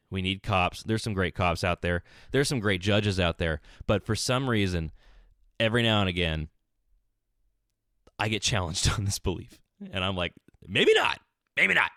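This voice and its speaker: A man hosting a solo podcast from a small closet, telling stories in an animated, exasperated rant. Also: lowish voice, clear, resonant tone, no echo, studio quality. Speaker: podcast host. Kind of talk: solo ranting podcast monologue.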